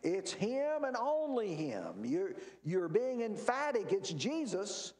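A man leads a church Bible class in an emphatic teaching manner, often asking a question and then answering it. His voice sits high and swings widely in pitch. The sound carries the echo of a roomy church space. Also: huge pitch swings, measured pace, few pauses, a little mellow.

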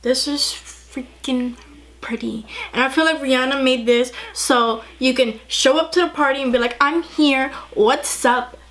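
Young woman, beauty vlogger, chatty, gushing, slightly high voice. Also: fairly even intonation, normal speed, fairly bright tone. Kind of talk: casual makeup tutorial chat.

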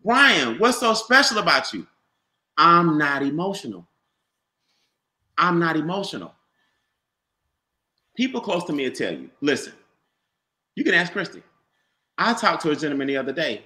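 A man giving an animated, repetitive motivational sales talk about a home business, calling on listeners by name. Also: a little high, brisk, roomy sound. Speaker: business opportunity presenter.

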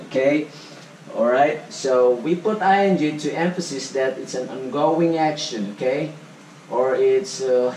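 Male grammar teacher, fairly high voice, slow, keeps checking "okay?", recorded from a distance in a roomy space. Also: a little mellow. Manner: slow, repetitive, ends nearly every phrase with "okay?"; asks the class questions and answers them himself. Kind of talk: classroom grammar lesson. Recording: echoey room, voice from far off, faint background noise.

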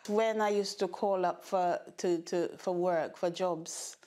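A woman's voice: on the low side, takes it slowly. An older woman with a Jamaican accent, telling her memories in a documentary interview and acting out what people said to her. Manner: animated storytelling, acting out quoted remarks.

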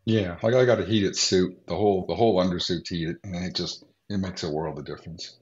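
A man chatting casually as a guest on a diving round table, joking and quick to laugh. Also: sits low, fairly even intonation. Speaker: guest diver. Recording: dull lo-fi audio.

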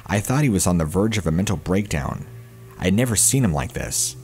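A man narrating a first-person horror story in a steady storytelling manner. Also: sits low, fairly quick, gravelly, soft background music.

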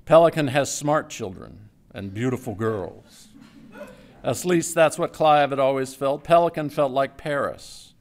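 A man giving a live literary reading of a story, in a measured storytelling manner that drops low and quiet for tense moments. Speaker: writer reading his own story. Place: stage before a live audience.

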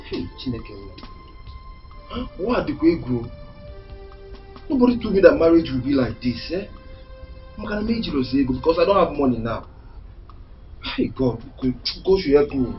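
An actor with a Nigerian accent playing a broke young husband who grumbles to himself about cooking and housework. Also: male voice, on the high side, highs cut off. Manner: self-pitying grumbling monologue.

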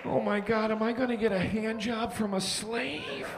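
A man performing a stand-up comedy set in a club, telling a story with shouted punchlines and acted-out characters, with the audience laughing. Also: high voice, moderate pace, gravelly, hardly any pauses. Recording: live club recording with crowd noise.

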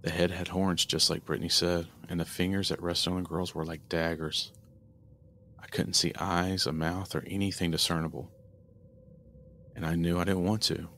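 A man narrating a first-person horror story in a steady, earnest storytelling manner. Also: deep voice, normal speed, a little hiss or hum.

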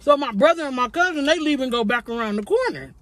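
A young adult woman vlogger telling a story while eating on camera, animated and swearing freely. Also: high voice, fast talker.

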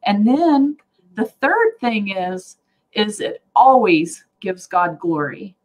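Brief: woman guest, mid-pitch, earnest testimony storyteller, animated, quick laughs, video call. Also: low-quality recording. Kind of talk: casual faith talk, storytelling.

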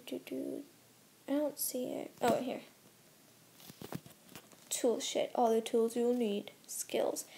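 Casting: higher-pitched woman gamer, mellow tone, rambling running commentary, voice worn and soft. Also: slight background noise. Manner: chatty, rambling, thinking aloud while building. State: losing her voice, soft. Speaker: gameplay channel host. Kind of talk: casual gameplay commentary.

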